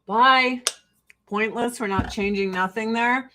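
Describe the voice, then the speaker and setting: A woman with a fairly high voice, ranting casually and swearing freely. She is sarcastic, laughs through her own points and speaks bluntly. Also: takes it slowly, background noise. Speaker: podcast host.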